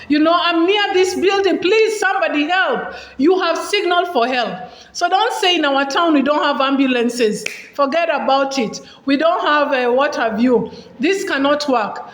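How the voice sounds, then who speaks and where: A woman with a high voice gives an earnest spoken lesson, repeating each step to make it stick. Now and then she acts out a shouted call for help. Her voice rings in an echoey room. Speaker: health instructor.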